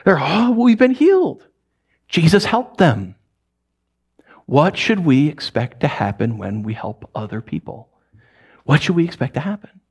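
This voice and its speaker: A man's voice: mid-range voice, very animated, measured pace, pauses often, breathy edge. A man preaching in a conversational, joking way, now and then acting out little voices of the people he talks about. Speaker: pastor. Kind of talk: sermon.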